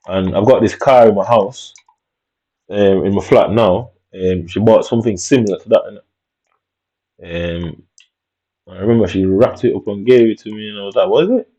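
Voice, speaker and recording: A man's voice: lowish voice, moderate pace, long pauses, mellow, lo-fi sound. A man telling a long, reflective story about his childhood in casual, rambling talk, dropping "innit" throughout. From Jamaica. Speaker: vlogger.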